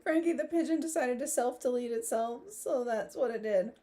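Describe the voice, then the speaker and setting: A woman with a fairly high, dark-toned voice speaks at a moderate pace while hosting a casual writing livestream. She chats and giggles often, reading viewer comments aloud.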